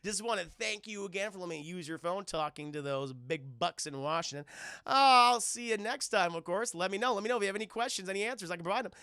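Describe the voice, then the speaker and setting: A man's voice: high-pitched, fast, fairly bright tone, no room sound, clean studio sound. A man playing a flustered, suspicious government agent who is fawning and sneaky. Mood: fake friendly. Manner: fawning, then sneaky and wheedling.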